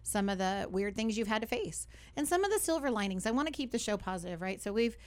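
Young woman radio host, upbeat chatter, medium pitch. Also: expressive, quick pace. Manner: chatty, upbeat, says "right?" and "like" often. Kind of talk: casual radio talk.

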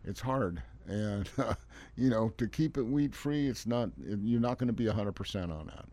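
A man's voice: on the low side, animated, normal speed, dark tone. An older man who installs lawns, chatting on a radio show in a folksy, rambling, emphatic way. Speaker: landscaping guest expert on a radio show. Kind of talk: casual radio chat.

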